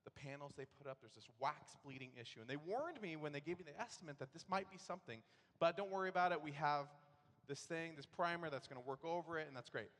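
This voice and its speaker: A male pastor preaching in a big church sanctuary, his voice pitched a little high for a man. He talks through a personal story in an easygoing, conversational way and now and then acts out his frustration in loud bursts. The sound rings out with a long hall reverb. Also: fast talker. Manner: conversational storytelling, bursts into animated acted-out outrage. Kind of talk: sermon.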